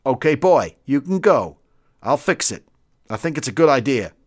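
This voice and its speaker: A man doing a jovial American air force colonel, brash and breezy, a little tipsy, tossing off short, easy replies in an audiobook reading. The voice sits at an ordinary middle pitch and carries a casual, friendly swagger. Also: sing-song, normal speed, a little mellow.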